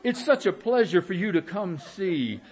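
A man's voice: sits high, very animated, normal speed, a little mellow, voice pushed up, low-quality recording. A man preacher voicing a prim, overly polite mother who pretends all is well, in a sugary, falsely sweet tone.

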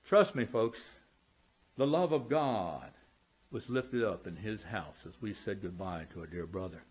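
A man's voice: fairly low pitch, animated, husky. A man preaching a sermon as pastor in a church, emphatic and drawing out key words, calling out for amens. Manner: emphatic, slow drawn-out words, calls out for amens. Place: church sanctuary.

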